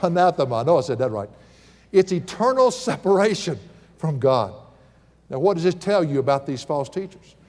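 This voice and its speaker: Middle-aged pastor preaching in a hall. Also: male voice, a little high, darkish tone. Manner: conversational, emphatic preaching with asides and humor. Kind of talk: sermon. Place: church sanctuary. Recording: long hall reverb.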